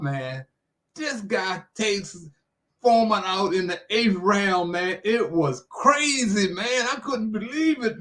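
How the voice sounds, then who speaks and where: A man's voice: high-pitched, a bit bright. An older American man, a sports radio personality, telling a folksy story and acting out the quotes, saying "man" often. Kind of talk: animated storytelling.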